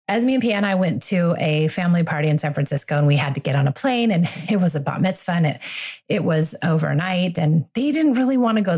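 A woman's voice: lowish voice, a little mellow. A woman in her forties, a parenting coach hosting her own podcast, talking in a candid, earnest and reassuring way. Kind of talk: solo podcast monologue.

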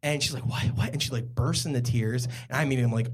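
A man's voice: medium pitch, fast. A young man from Philadelphia telling a true story on stage at a live comedy podcast, rambling and self-mocking with plenty of fillers.

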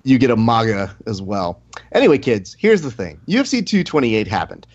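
A man's voice: medium pitch, normal speed, breathy edge, highs cut off. A man hosting a podcast in casual chat, telling stories and acting out the quotes. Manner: animated storyteller, acts out quotes. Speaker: podcast host.

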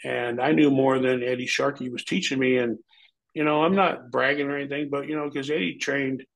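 A man's voice: mid-range voice, fairly even intonation, brisk, gravelly, poor audio. A middle-aged man, a former pro wrestler, telling rambling, profane stories in an interview, acting out the voices of people he quotes. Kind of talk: casual anecdotal storytelling.

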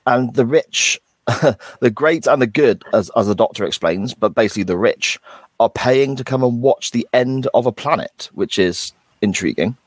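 A man's voice: mid-range voice, moderate pace, slightly rough, dry recording. A man, co-hosting a casual podcast chat in a rambling way. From England. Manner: rambling, restarts sentences. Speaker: podcast co-host.

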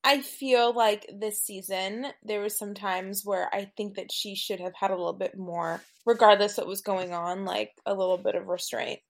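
A woman's voice: medium pitch, fairly even intonation, normal speed, few pauses. A woman co-hosting a podcast among friends, giggly and casual, with many filler words. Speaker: podcast co-host.

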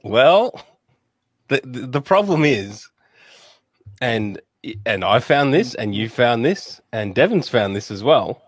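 A man's voice: mid-range voice, sing-song, takes it slowly, breathy edge, dry recording, clean studio sound. A man guesting on a casual podcast chat over an online call, joking and rambling with many restarts.

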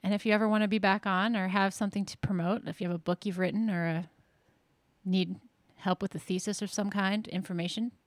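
A woman's voice: mid-range voice, steady tone, brisk, no room sound. A woman hosting a podcast, chatting casually and encouraging her guests. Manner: friendly, encouraging interviewer. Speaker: podcast host. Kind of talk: casual interview chat.

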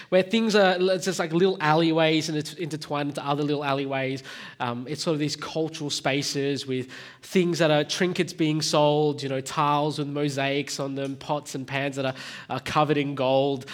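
Casual Australian male preacher. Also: on the high side. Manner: relaxed, conversational, many ums and restarts. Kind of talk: sermon with opening prayer.

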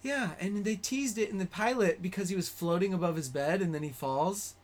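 A man's voice: sits high, fairly quick. A man in easygoing casual chat as a podcast guest, laughing often. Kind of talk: casual chat about comics.

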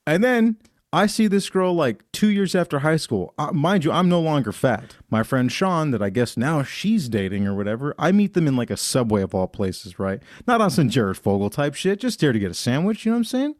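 A man's voice: fairly high pitch, big pitch swings, moderate pace, dry recording, studio quality. A young man co-hosting a podcast, telling a long story in loose, profane casual chat and acting out the people he quotes. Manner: loose storyteller, swears a lot, acts out quoted voices. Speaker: podcast co-host.

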